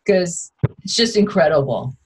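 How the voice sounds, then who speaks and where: A woman hosts an interview over a video call, her voice a little low. She answers with empathy and shares her own asides, over a faint hum of noise. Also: lively intonation, measured pace, poor audio. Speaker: host.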